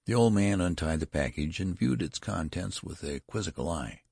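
Very deep, gravelly male narrator. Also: expressive, normal speed, darkish tone, no echo, clean studio sound. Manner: acts out the dialogue. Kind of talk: audiobook narration.

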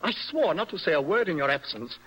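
A young actor playing a nervous, intense poet in a radio play, with a dreamy, impassioned manner. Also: male voice, on the high side, very animated, fast, fairly bright tone, slight background noise, low-quality recording. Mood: mocking, rhapsodic. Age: young adult. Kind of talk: radio stage-play acting.

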